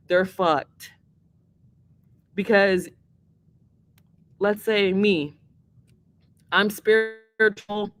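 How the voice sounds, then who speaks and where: A woman hosting a livestream and taking song requests, talking in a rambling, earnest way and swearing freely. She is emotional and teary-eyed. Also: medium pitch. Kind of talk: casual livestream chat.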